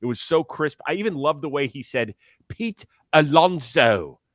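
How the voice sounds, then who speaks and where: A man's voice: a little high, animated, a little fast, a bit bright, no echo. A man hosting a sports talk show, chatting about baseball in an enthusiastic, joking way and reading ads. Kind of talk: casual sports talk and ad read.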